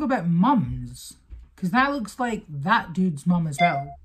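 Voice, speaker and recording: A woman's voice: on the low side, big pitch swings, slow pace. A young woman reacting to a music video, talking casually and emotionally straight to her viewers.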